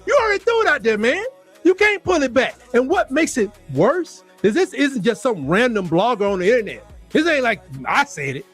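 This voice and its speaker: A man giving a heated, mocking sports rant, repeating himself for emphasis. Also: very high voice. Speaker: sports commentator.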